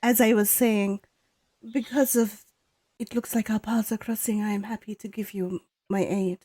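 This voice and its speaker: A woman's voice: medium pitch, steady tone, moderate pace, dark tone, slightly rough, no room sound, natural voice. A woman voicing a young sun elf woman in a chatty Valley-girl drawl. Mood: eager. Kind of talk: tabletop role-play voice.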